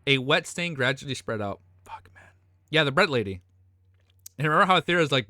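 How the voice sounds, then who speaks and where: A man's voice: medium pitch, animated, brisk, long pauses, pushed and bright, no room sound, clean studio sound. A young man reading a web novel aloud on a live stream, stumbling over words and breaking off to react emotionally with casual swearing and slang.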